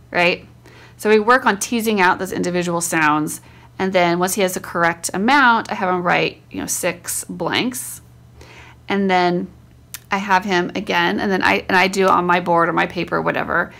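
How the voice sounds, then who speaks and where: A woman's voice: lowish voice, normal speed, creaky, a bit bright. A woman, a homeschool teacher, casually demonstrating a spelling lesson and sounding out words syllable by syllable.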